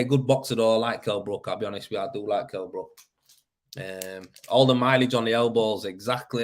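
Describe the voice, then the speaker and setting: A man's voice: mid-range voice, a bit bright. A man from Leeds with a West Yorkshire accent, chatting casually on a livestream as host, laughing often and rambling. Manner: rambling, laughs often, says "you know what I mean". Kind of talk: casual livestream chat reading comments.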